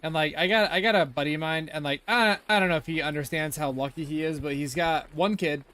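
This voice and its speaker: A man's voice: on the high side, fast talker, bright, forceful tone. Rambling, swearing male streamer. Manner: rambling, swears a lot, many fillers. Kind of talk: casual gameplay chat.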